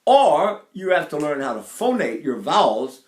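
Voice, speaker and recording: A man's voice: fairly high pitch, very animated, moderate pace, reverberant, slight background noise. A man in his eighties giving an informal voice lesson, rambling a little and breaking into short sung demonstrations. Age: 80s. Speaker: voice teacher.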